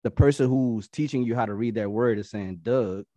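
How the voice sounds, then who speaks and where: A man's voice: medium pitch, moderate pace, no echo. A man co-hosting a podcast, arguing animatedly and profanely in casual chat. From Baltimore. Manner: animated, profane, argues points with quoted voices. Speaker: podcast co-host.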